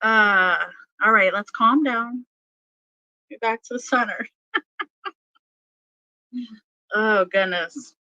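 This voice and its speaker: A woman gives a casual tarot reading to her channel at a slow, unhurried pace, rambling through plenty of fillers and breaking into frequent laughs. Her voice is bright and clear, and the recording is close and dry. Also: fairly high pitch, no echo, dull audio. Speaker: tarot reader.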